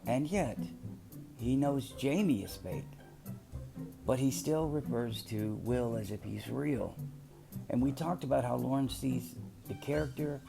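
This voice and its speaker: A man's voice: mid-range voice, creaky. A middle-aged man hosting a casual commentary monologue, talking emphatically and drifting into anecdotes. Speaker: commentary channel host. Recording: music playing behind.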